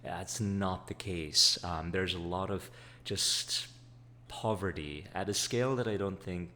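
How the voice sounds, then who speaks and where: A man's voice: deep voice, measured pace, sharp tone, slight background noise. A man from the Bay Area with a slight Sri Lankan-tinged accent, chatting as a guest in a casual interview, upbeat and full of fillers. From Bay Area, California. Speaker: guest, staffing consultant.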